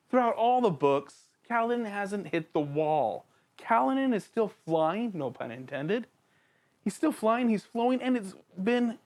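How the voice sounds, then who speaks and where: A channel host giving a casual, excitable spoken book review, joking around and talking straight to the author and characters. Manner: excitable and jokey, with big swings in pitch; addresses the author and characters directly, playful slang.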